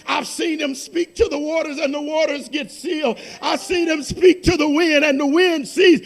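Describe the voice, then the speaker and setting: A man preaching a fervent sermon as pastor, dropping to a hush and then building to shouted, repeated lines. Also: very high-pitched, steady tone, moderate pace, creaky.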